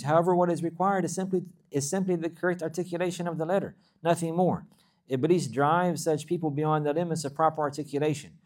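A man teaching a religious lesson. He reads classical Arabic passages quickly, then explains them in English, often restarting and repeating phrases. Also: mid-range voice, darkish tone. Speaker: Islamic teacher.

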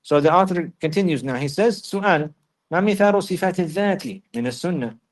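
This Islamic teacher's male voice is high-pitched and racing, with lively intonation. During his religious lesson he recites Arabic verses and explains them in English, often repeating phrases to drive points home.

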